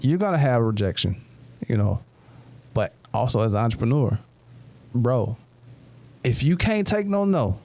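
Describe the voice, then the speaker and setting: Laid-back man with a mellow voice. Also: medium pitch, normal speed, pauses often, no echo. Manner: animated storytelling, laughs often. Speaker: podcast co-host. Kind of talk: casual chat.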